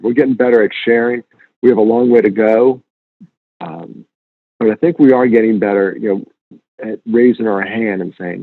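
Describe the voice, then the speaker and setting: Earnest husky man on a tinny line. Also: fairly low pitch, moderate pace, no echo. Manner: earnest, animated storyteller, emphatic repetition. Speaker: guest speaker. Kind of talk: conversational interview. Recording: tinny phone-line sound.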